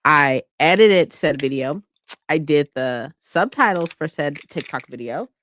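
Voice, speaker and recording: A woman's voice: low-pitched, a little slow, slight background noise. A young woman vlogging from home in a casual, bubbly, chatty way. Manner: bubbly, chatty, squeals when excited. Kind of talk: casual chat.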